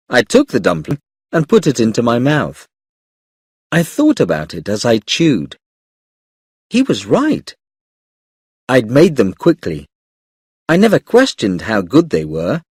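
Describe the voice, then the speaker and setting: Slow, husky-voiced male storybook reader. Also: mid-range voice, wildly swooping pitch, darkish tone, no room sound, clean studio sound. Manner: clear, careful storytelling. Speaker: audiobook reader. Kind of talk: slow narration of a graded English reader.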